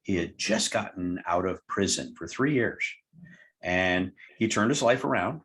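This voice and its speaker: A man's voice: low voice, animated, a little slow, fairly bright tone. A man, a hypnotherapist guest, telling a client story in an interview and acting out both sides of the dialogue. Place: lived in Tucson, Arizona.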